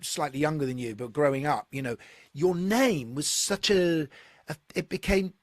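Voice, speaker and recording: A man's voice: a little high, moderate pace, dry recording. A man in his sixties co-hosting a podcast, chatting eagerly and filling in names and details. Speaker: podcast co-host. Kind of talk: casual interview chat.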